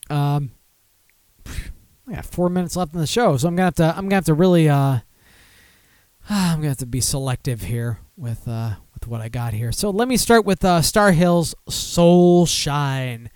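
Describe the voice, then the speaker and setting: Male podcast host, a bit high-pitched, dry close-mic sound, animated and ranty. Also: clear, resonant tone, no room sound. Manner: animated, mock-outraged outbursts and rambling self-talk. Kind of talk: casual live show chat.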